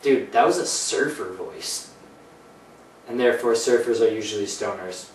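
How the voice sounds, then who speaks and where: A male host chatting casually on a low-budget comedy show, rambling from one joke to the next. His voice sits back from the mic in a roomy, echoing space with a faint hum of ambience. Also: normal speed. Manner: rambling, jokey, slips into put-on voices. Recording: echoey room, mic at a distance, faint ambience.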